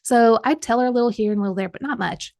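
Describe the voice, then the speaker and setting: A middle-aged woman guest on a podcast recounts a personal story. Her voice is gravelly, with a lot of vocal fry, and she brings each quoted voice to life with animation. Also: on the high side, very fast, darkish tone. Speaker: guest coach.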